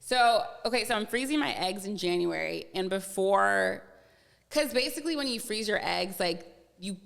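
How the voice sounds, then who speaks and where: With vocal fry and a medium pitch, this podcast guest talks at a moderate pace, her voice carrying a big-room sound. She chats candidly and casually, animatedly acting out what others told her and using lots of "like" fillers.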